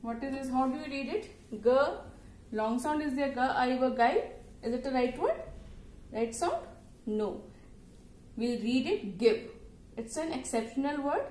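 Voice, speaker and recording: Slow, patient woman teaching phonics. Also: high-pitched, animated, a little mellow. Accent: Indian English. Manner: slow, patient, spells words letter by letter. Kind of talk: phonics lesson for young children. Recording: echoey room, faint background noise.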